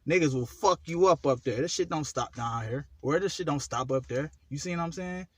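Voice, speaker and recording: A man giving a profane self-help monologue about his own flaws, full of rhetorical questions, swinging between loud outbursts and low mutters. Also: a little fast, dry recording. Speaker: occult vlogger.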